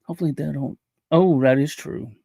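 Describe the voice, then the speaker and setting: A male livestream host with a somewhat high voice, chatting casually. He stumbles and repeats himself often. The sound is dry, with no room echo. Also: creaky, warm tone. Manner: halting, repeats words and restarts often.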